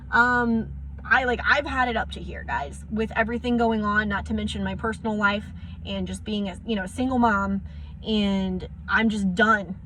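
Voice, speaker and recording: A young woman ranting in a personal vlog, frustrated and close to tears. She tells her story in quick bursts, acting out each exchange. Her voice sits at an ordinary middle pitch, with a faint hiss of noise behind it. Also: a bit bright. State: near tears. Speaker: vlogger. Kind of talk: emotional personal vlog rant.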